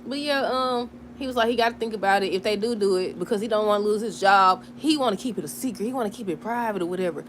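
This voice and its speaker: A woman in casual chat recapping a soap opera episode, animated, laughing and talking back to the characters. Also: medium pitch, fast talker, hardly any pauses, slight background noise. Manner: chatty, talks back to the characters.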